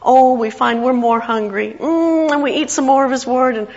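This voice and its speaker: A woman's voice: high voice, steady tone, normal speed. Woman preaching in a reverberant hall. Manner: storytelling with acted quotes, warm chuckles. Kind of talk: sermon. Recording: muffled sound in a large reverberant hall.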